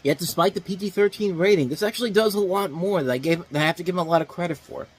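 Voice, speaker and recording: A man's voice: high-pitched, fast, breathy edge, rough recording. A man hosting a movie review show, talking casually and rambling, with lots of fillers and restarts. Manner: rambling, many fillers and restarts, animated emphasis.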